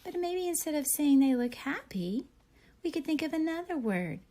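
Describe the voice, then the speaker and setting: A young woman teacher reading a picture book aloud to young children, pausing to ask gentle questions. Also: high voice. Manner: gentle, animated storybook reading with questions to kids.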